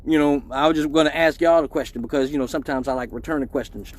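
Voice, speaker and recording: With a slightly high voice and a fast delivery, a middle-aged live stream host casually tells a profane story. He's animated and acts out the voices within it.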